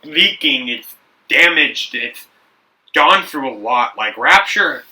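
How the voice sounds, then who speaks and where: A man's voice: medium pitch, expressive, slow pace, pushed and bright, distant mic, rough recording. A young man hosting a building video, chatting casually and rambling with frequent restarts and self-corrections. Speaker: brick builder and video host. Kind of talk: casual talk while building.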